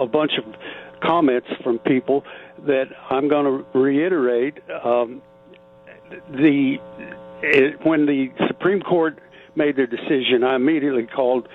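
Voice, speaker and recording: Male caller from Texas, average pitch, phone-line sound with faint music underneath, emphatic and halting.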